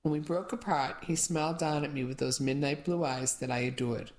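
A woman narrating a first-person audiobook in a steady storytelling manner. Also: low voice, fairly quick.

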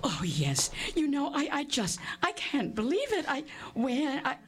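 A woman's voice: high voice, sing-song, measured pace. An actress playing a fluttery older grandmother who gasps and stammers, in 1960s film comedy style. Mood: flustered.

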